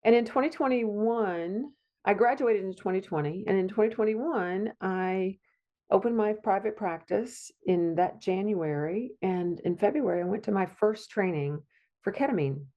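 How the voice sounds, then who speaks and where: In a muffled recording, a middle-aged woman from Virginia, USA, speaks at a moderate pace in a mid-range voice. A psychiatric nurse practitioner, she's a guest in a conversational interview, talking in a heartfelt, rambling way.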